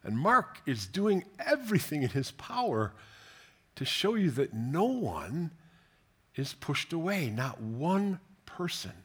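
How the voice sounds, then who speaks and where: A man preaching a sermon, reading scripture aloud and commenting on it, moving between gentle tenderness, soft whispered passages and lively, emphatic questions. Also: fairly high pitch, slow pace, breathy edge.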